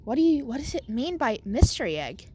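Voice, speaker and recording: A woman voicing an earnest, excitable teenage boy hero who reacts with wide-eyed, eager exclamations. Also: sits high, brisk, husky, full character voice. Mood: curious.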